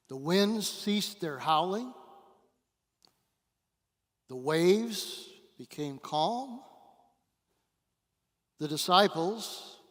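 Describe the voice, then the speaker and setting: Guest pastor, male, slow dramatic sermon delivery, slightly high voice, long church reverb. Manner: dramatic storytelling with long pauses and swings in volume. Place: church sanctuary.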